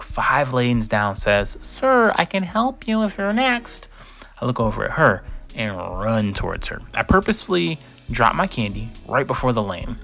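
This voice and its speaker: A man's voice: fairly low pitch, creaky, a bit bright. A young man telling a first-person story in a casual, conversational way, acting out quoted lines.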